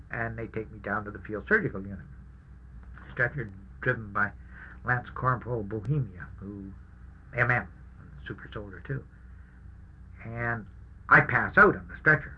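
In an oral history recording with dull audio and a bit of hiss or hum, an older man who served in the war shares his story in a mid-range voice. He speaks anecdotally, performing the dialogue and chuckling as he goes.

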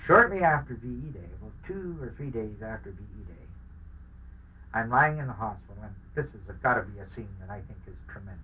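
A man's voice: fairly low pitch, animated, a little fast, narrow, tinny audio, a little hiss or hum. An older man, a war veteran, telling his wartime story in an oral history recording, acting out the dialogue and chuckling as he goes. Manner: anecdotal, acts out dialogue, chuckles.

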